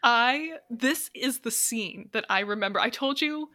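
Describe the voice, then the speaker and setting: Chatty woman podcaster, bright voice. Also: fairly high pitch, a little slow, no echo, clean studio sound. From raised Catholic. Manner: chatty, storytelling with lots of fillers. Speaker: podcast co-host. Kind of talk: casual film discussion.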